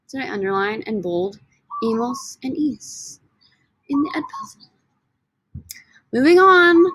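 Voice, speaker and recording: A woman's voice: on the high side, pushed and bright, no echo, low-quality recording. A woman teaching a recorded Spanish grammar lesson, explaining step by step and drilling words for students to repeat.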